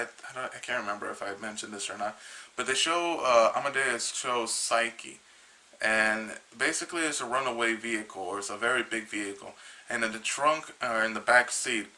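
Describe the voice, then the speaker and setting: A man casually retelling a comic book's story, rambling and halting with many restarts, a little tired. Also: medium pitch, bright, forceful tone, poor audio. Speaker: comic book reviewer.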